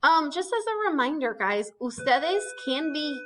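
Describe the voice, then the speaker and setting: A woman's voice: high voice, big pitch swings, measured pace, fairly bright tone, slight background noise, poor audio. A woman, a teacher explaining a lesson step by step, often saying "okay" and "um.". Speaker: Spanish teacher. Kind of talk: recorded lesson narration.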